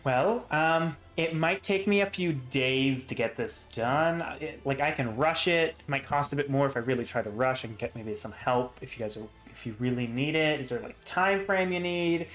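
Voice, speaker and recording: A woman's voice: rumbling low, lively intonation, normal speed, hardly any pauses, soft background music. Man voicing a chatty, friendly townswoman. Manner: friendly, a bit awkward, lots of fillers. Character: chatty, kindly young woman craftsperson in town.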